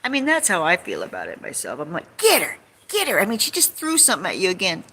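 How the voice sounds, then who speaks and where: A woman's voice: on the low side, wildly swooping pitch, fast, bright, forceful tone, slight background noise. A woman vlogging from home in a rambling casual chat, sarcastic and swearing, jumping between topics and mocking people in put-on quotes. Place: home, on couch or bed.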